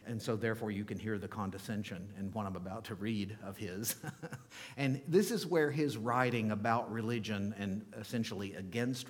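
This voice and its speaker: A male pastor giving a conversational sermon, chuckling softly now and then as he talks to the congregation. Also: on the low side, long reverb tail. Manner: conversational preaching with soft chuckles.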